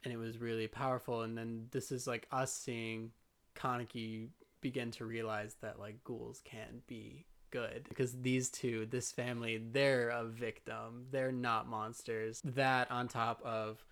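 A woman's voice: rumbling low, little pitch movement, slow pace, fairly bright tone. A young woman co-hosting a casual podcast, gushing earnestly about an anime and swearing casually. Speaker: podcast co-host. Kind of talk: casual chat recapping an anime.

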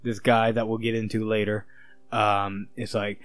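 A man's voice: on the low side, little pitch movement, moderate pace, clean tone, no echo, faint music behind. A man co-hosting a casual chat, rambling and joking with lots of fillers.

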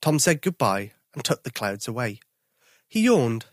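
An expressive storyteller reading a children's picture book aloud. The voice rises and falls in a lively way, and the sound is dry and close to the mic. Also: medium pitch, a little slow, no echo.

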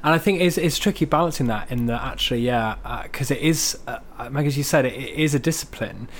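A man on a podcast, talking thoughtfully about faith with many pauses and restarts. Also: medium pitch, slight background noise. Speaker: podcast guest. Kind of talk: casual chat on faith.

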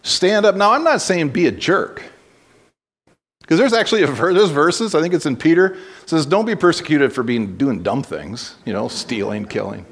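A man's voice: a little high, expressive, normal speed, breathy edge. A man preaching a sermon as pastor, telling stories conversationally and breaking into blunt exhortations, with frequent restarts.

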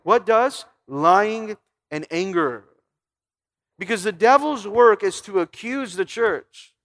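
A man delivers a sermon in a high voice for his sex, posing questions to his listeners and reading scripture aloud. He preaches with emphasis, often restarting and repeating words. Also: animated, takes it slowly, fairly bright tone. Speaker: pastor.

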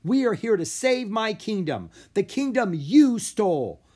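A man voicing a brave, determined young girl who rides a dragon, yelling in a high, urgent voice. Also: big pitch swings, unhurried, heavily acted. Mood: defiant.

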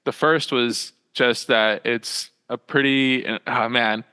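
A man's voice: medium pitch, fairly even intonation, sharp tone, clean tone. Young man rambling in a reverberant room. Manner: rambling, halting, full of fillers and self-corrections. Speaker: podcast guest, small business owner. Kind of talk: casual interview chat. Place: small room at home with a loft bed.

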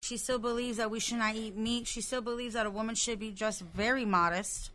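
A woman's voice: a little high, steady tone, brisk, fairly bright tone, slight background noise. A woman co-hosting a casual podcast chat, frank and opinionated, swearing casually. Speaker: podcast co-host.

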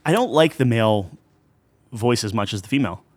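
A man's voice: mid-range voice, lively intonation, darkish tone, no echo. A man co-hosting a podcast, chatting casually and asking his partner questions. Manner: conversational, asks questions, halting restarts. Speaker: podcast co-host. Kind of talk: casual chat.

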